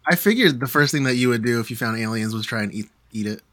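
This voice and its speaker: A man's voice: medium pitch, animated, fast, a bit bright. A man hosting a casual podcast chat, introducing his co-hosts playfully and laughing often. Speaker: podcast host.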